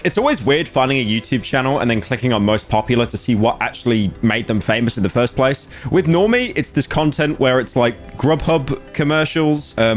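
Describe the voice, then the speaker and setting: Brief: young male commentary narrator, mid pitch, dry sarcastic asides, light music bed. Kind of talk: scripted video commentary narration.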